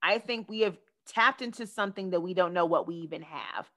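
A woman in her twenties hosting a podcast, gushing and retelling scenes in an animated, chatty way. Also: fairly low pitch, a little fast. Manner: gushing, animated retelling with lots of quoted asides. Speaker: podcast host. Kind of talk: casual pop-culture chat.

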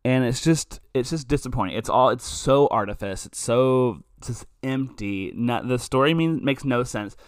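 A man's voice: mid-range voice, moderate pace, hardly any pauses, clean tone, no room sound, clean studio sound. A man giving a casual, rambling film review for a podcast. He curses often and keeps cutting himself off mid-sentence. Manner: rambling, profane, self-interrupting.

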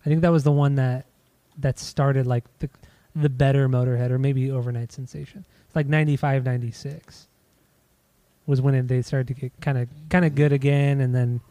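Casual male podcast host, stammers into his points, mellow tone. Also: medium pitch, steady tone, fairly quick, no echo. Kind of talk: casual chat.

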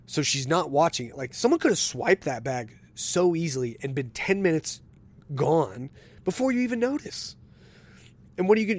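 A man hosting a podcast, telling a story in a casual, animated way and acting out the dialogue with some indignation. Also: mid-range voice. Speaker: podcast host.

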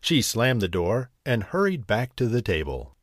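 Slow, gentle male bedtime storyteller. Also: mid-range voice, sing-song, no echo, studio quality. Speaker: storyteller host.

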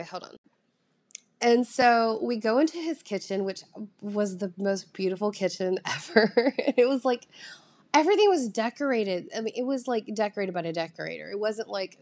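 Chatty young woman telling a story. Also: mid-range voice. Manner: chatty, animated, lots of fillers and swearing. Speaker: vlogger. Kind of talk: casual storytime vlog.

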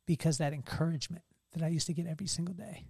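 A podcast host chats casually, telling stories with lots of energy, laughing often and imitating other people's voices. His voice sits on the high side and has a creaky, slightly rough texture, and he talks very fast.

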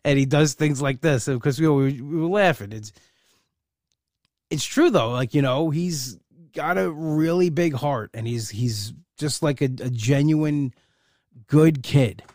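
A man's voice: fairly high pitch, expressive, unhurried, darkish tone, no echo, clean studio sound. A man in a casual personal monologue, rambling with many fillers and restarts, heartfelt and proud. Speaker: uncle and godfather.

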